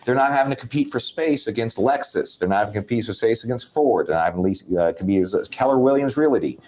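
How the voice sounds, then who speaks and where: A man's voice: medium pitch, expressive, fast, darkish tone. A man co-hosting a sales talk show, talking bluntly and making his points like a lecture. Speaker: podcast co-host.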